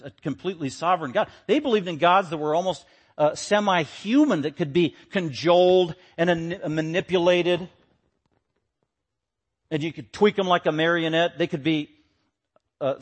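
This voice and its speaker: A husky, fairly high-voiced man delivering a sermon. He hammers home short, repeated phrases, rising to loud declarations and then dropping to quiet, low asides. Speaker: preacher.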